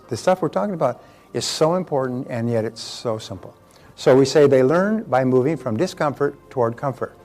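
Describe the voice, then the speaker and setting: A man's voice: mid-range voice, a little mellow. An older man giving a motivational talk in a conversational way, telling stories and repeating words as he goes. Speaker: motivational speaker.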